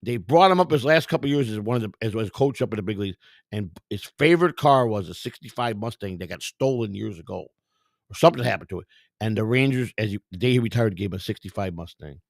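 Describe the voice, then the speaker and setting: A middle-aged man with a gravelly, rough-edged voice tells stories casually, swearing freely and acting out the people in them. He sounds close and dry, with no room around him. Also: fairly low pitch, fast, no echo. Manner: profane, animated, acts out quotes. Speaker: storyteller, former clubhouse worker. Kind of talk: casual storytelling.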